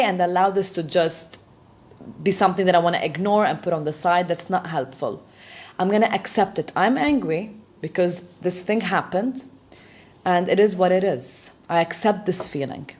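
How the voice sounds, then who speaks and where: A woman's voice: lowish voice, darkish tone. A woman hosting a self-help talk, explaining steps in an earnest coaching manner and often checking in with "right?". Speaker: host.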